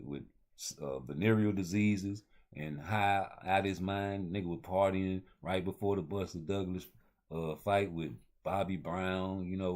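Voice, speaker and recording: A man's voice: deep voice, darkish tone. A man hosting a casual boxing talk show, rambling in loose street slang. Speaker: host.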